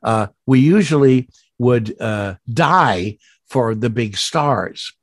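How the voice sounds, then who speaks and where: Older guy rambling through showbiz stories, leaps way up high now and then, dry close sound. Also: lively intonation, takes it slowly, no echo. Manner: rambling storyteller, many restarts and sudden high jumps. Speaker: guest voice actor. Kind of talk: casual interview chat.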